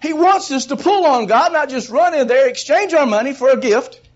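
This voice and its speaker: A man preaching a sermon, an animated storyteller who chuckles between points and swings from quiet asides to loud bursts. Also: extremely high pitch, normal speed. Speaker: preacher teaching a Bible session. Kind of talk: sermon teaching. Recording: dull lo-fi recording.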